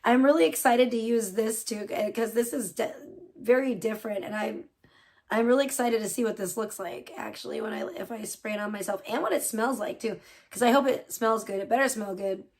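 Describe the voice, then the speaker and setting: A young woman talks loosely on a late-night live stream, her voice sitting a little high. She rambles from one thing to the next with constant fillers and throws in casual swearing. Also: brisk, a little mellow.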